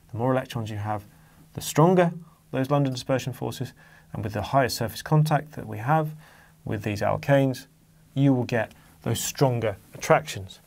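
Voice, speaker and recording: A man's voice: medium pitch, a little mellow. A man teaching an exam-focused chemistry lesson, patiently walking through diagrams and leaning hard on key words.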